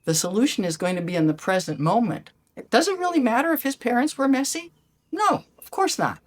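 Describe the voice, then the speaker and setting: An older woman hosting a solo talk as a life coach, gentle and animated, acting out the questions she quotes. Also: a little high, brisk. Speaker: podcast host, life coach. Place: lives abroad in Ecuador.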